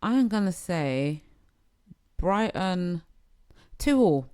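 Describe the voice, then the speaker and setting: A woman's voice: on the low side, very animated, drawn-out words, a little mellow, clear, resonant tone. Playful woman co-hosting a podcast. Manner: playful, laughs often. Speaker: podcast co-host, football learner. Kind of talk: casual chat.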